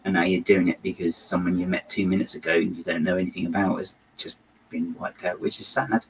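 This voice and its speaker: A man's voice: sits low, level tone, brisk, vocal fry, a little hiss or hum, rough recording. A man chatting casually while he builds, giving rambling, hesitant and wry opinions as the host.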